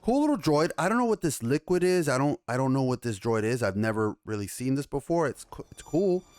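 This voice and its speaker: A man hosting a casual trailer reaction, excitable and chatty, swearing freely. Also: mid-range voice, brisk, no echo.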